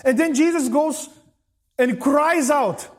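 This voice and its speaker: A man who is a pastor, preaching a sermon in an animated way and acting out the voices he quotes. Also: extremely high pitch, takes it slowly.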